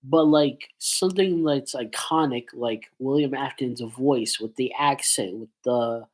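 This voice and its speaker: A man's voice: medium pitch, a little slow, rough recording. A man with a stuffy nose from a cold, chatting in a rambling casual commentary vlog with lots of fillers. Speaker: YouTuber.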